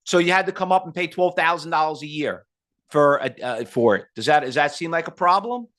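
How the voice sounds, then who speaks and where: A man in his fifties teaching trading in a live online seminar, blunt and full of rhetorical questions, pitching to his audience. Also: brisk, fairly bright tone. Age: 50s. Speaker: trading instructor.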